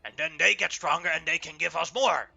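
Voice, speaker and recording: A man doing a cocky, gravelly lizardfolk raider chief. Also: on the high side, fairly quick, sharp tone, faint music behind, exaggerated voice. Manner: blunt broken speech, cocky and dismissive. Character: brash boastful male lizardfolk raider leader. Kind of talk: live tabletop role-play.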